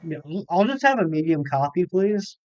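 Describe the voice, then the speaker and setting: A man's voice: high-pitched, sing-song, moderate pace, clean tone, no echo, dull audio. A man streaming a game live, chatting casually and reading viewer comments aloud. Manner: chatty, reads chat aloud, self-deprecating. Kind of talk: live stream chat while gaming.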